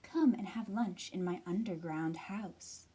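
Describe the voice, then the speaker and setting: A woman's voice: fairly low pitch, measured pace, mellow, breathy edge. A woman doing a sly storybook fox. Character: sly hungry fox, smooth and scheming.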